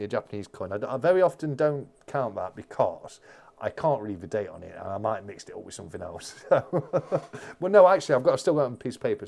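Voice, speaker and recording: A fairly low-pitched man talks through viewer comments on a live stream. He rambles, restarts his sentences and keeps the chat light. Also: vocal fry, a little mellow. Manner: chatty, rambling with many restarts.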